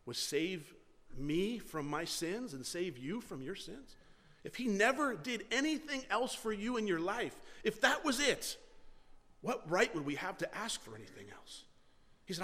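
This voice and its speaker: A man's voice: sits high, lively intonation, normal speed, a bit bright, in a large hall. A man preaching a sermon as pastor, earnest and conversational, asking the congregation rhetorical questions.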